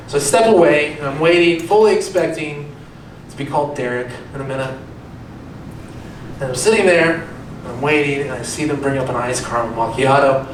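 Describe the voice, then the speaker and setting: Talking briskly in a fairly high voice, a young comedian pokes fun at himself and peppers the crowd with questions in a conversational way. He's heard from a distance in an echoey club, audience laughter behind him and a slight hiss or hum.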